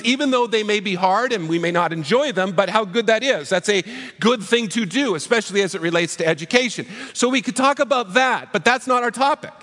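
A man's voice: high-pitched, sharp tone, long reverb tail. A man preaching a sermon as pastor, conversational, with rhetorical questions.

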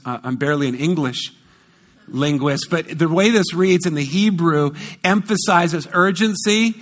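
A male pastor with a rather high voice delivers a sermon in an emphatic, conversational way. He leans on repeated words for stress and drops in quick self-correcting asides. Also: fairly bright tone.

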